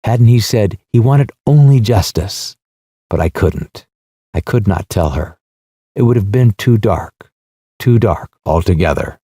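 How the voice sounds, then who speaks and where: A male audiobook narrator with a low, mellow voice, reading in a measured, solemn way while his pitch ranges widely. He is recorded close on a studio mic in a dry, dead space. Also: lively intonation, slightly rough, no echo. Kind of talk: scripted literary narration.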